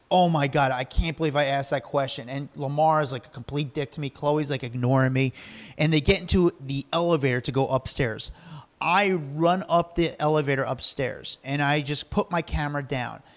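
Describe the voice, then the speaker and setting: A man with a gravelly, fry-laden voice, pitched a little above the usual male range. He tells his stories in a loose, animated way, acting out what people said. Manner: animated anecdotes, acts out quoted lines, laughs often. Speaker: guest telling stories. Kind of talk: casual storytelling chat.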